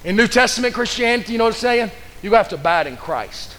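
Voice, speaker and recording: A man's voice: high voice, expressive, fast talker, bright, forceful tone, long reverb tail. A man preaching a fervent sermon as pastor, pressing the congregation with repeated questions. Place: church sanctuary.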